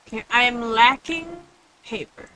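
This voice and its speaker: A woman's voice: fairly high pitch, a little slow, sharp tone, a little hiss or hum, rough recording. A woman streaming a game, chatting casually in a rambling way and answering chat. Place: home room with others nearby.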